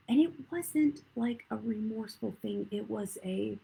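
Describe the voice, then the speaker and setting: A middle-aged woman pastor preaching live from a church stage, telling a candid personal story and swinging from hushed asides to loud emphasis. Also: mid-range voice, measured pace, vocal fry, few pauses, slightly rough, rough recording.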